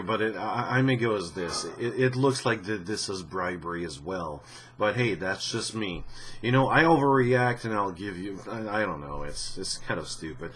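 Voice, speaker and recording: Husky-voiced man rambling through blunt gaming commentary. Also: lowish voice, fairly bright tone. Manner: rambling, frequent restarts, blunt and swearing. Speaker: YouTuber commenting on gaming news. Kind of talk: casual commentary.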